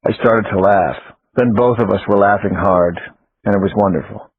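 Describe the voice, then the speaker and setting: A man narrating an audiobook in the first person, plain and steady. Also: on the low side, normal speed, breathy edge. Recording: tinny phone-like audio, faint music.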